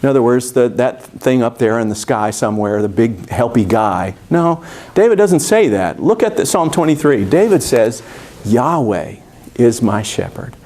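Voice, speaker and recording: A man's voice: medium pitch, animated, normal speed, darkish tone. A man teaching a Bible study class at a church, explaining things in a conversational way with frequent fillers and restarts.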